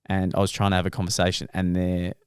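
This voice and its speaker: A man's voice: low-pitched, completely flat delivery, fast talker, darkish tone, clear, resonant tone, no echo, clean studio sound. A young man, co-hosting a podcast in casual chat, swearing as he tells stories and mimics other people. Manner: storytelling, swears, mimics voices. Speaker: podcast co-host.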